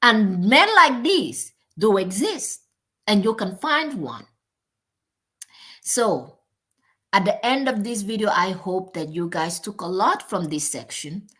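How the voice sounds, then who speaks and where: A woman host giving slow, deliberate closing remarks to her viewers, addressing them as ladies in an encouraging tone. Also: mid-range voice, big pitch swings, fairly bright tone, breathy edge.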